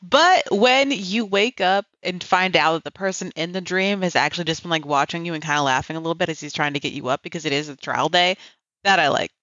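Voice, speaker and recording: A woman's voice: lowish voice, a little fast, a bit bright, no echo, dull audio. A woman co-hosting a casual chat, playful and enthusiastic, laughing and swearing as she retells a scene. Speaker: podcast co-host.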